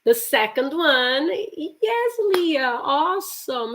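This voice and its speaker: A woman's voice: on the high side, extremely slow, fairly bright tone. A woman teaching a live online English lesson, cheerfully praising students by name.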